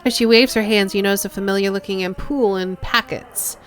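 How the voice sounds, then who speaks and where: A woman streamer reading a video game's text aloud in a lively way, with casual remarks of her own. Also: medium pitch, a little fast.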